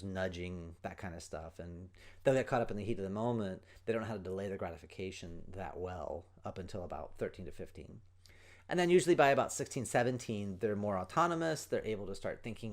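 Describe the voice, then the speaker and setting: An earnest middle-aged man talks through parenting stages on his own podcast. His voice sits fairly low, and he slips into short acted-out quotes to make a point. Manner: earnest, explanatory, acts out quoted lines. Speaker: podcast host, parenting coach. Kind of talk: solo podcast talk.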